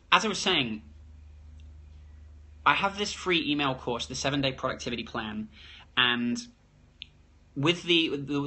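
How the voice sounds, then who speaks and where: A man with a New Zealand accent, talking fast and excitedly on a phone live stream, reading out comments and restarting his sentences. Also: medium pitch, breathy edge. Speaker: productivity blogger hosting a live stream.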